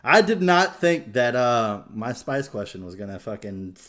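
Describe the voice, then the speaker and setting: A man's voice: medium pitch, big pitch swings, a bit bright. A man hosting a podcast in casual chat, joking, swearing freely and laughing often. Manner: profane, joking, quick to laugh. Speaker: podcast host.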